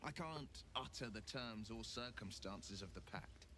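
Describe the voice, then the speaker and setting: A man's voice: lowish voice, animated, measured pace, bright, forceful tone, slight background noise. A man voicing an earnest, principled young warlock hero in video game dialogue, speaking steadily and formally.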